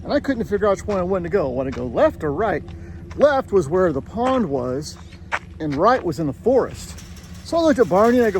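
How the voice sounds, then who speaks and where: A man spins an improvised bedtime story for a child, his voice sitting fairly high. He is playful and animated, sometimes lowering to a hush for suspense. A faint hiss sits under the recording. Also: normal speed. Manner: playful and animated, with spooky hushed moments.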